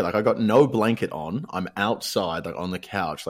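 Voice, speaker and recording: Low-voiced Australian guy telling a story. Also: moderate pace. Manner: rambling, swears freely, animated retelling. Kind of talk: casual chat.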